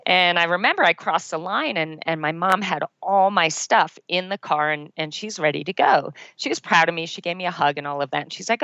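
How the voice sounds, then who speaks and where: Low-voiced woman telling a personal story. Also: a little fast, hardly any pauses, dry recording. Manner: earnest, animated storyteller who laughs at herself. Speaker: podcast guest. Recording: dull, dry lo-fi podcast recording.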